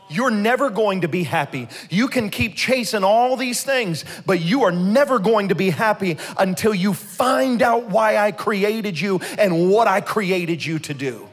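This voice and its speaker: A man preaching a sermon as pastor, telling stories in an animated way and leading the congregation in call-and-response. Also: high voice. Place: church sanctuary. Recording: long hall reverb.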